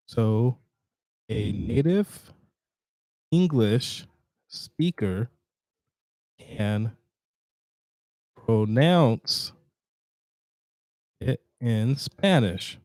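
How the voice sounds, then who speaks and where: A man hosting a casual screen-share tutorial, chatty and halting with fillers and restarts, sounding tired. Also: medium pitch, expressive, a little mellow, no room sound, studio quality. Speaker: tutorial host.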